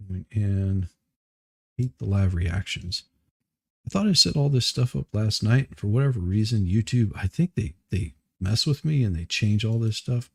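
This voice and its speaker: A man's voice: on the low side, gravelly, dark tone, slightly rough, no echo, studio quality. A man hosting a live stream, chatting casually with viewers, rambling and poking fun at himself while a little out of breath. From Southeast Michigan, US. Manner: rambling, self-deprecating, greets chat viewers by name.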